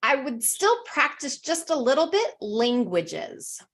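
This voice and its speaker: A woman teaching English pronunciation over a video call, encouraging her students and modeling each word slowly and deliberately. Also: sits high, sing-song. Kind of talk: online pronunciation lesson.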